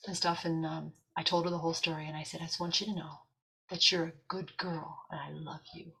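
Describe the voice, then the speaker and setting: A woman's voice: sits low, brisk, gravelly, slightly rough, low-quality recording. A woman in casual chat, telling a story and acting out the voices of people in it. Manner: animated storyteller, acts out quoted voices.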